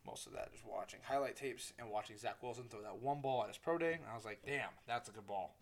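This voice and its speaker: A man's voice: medium pitch, quick pace, gravelly. A young man hosting his own casual sports podcast, rambling, correcting himself and swearing freely. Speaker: solo podcast host.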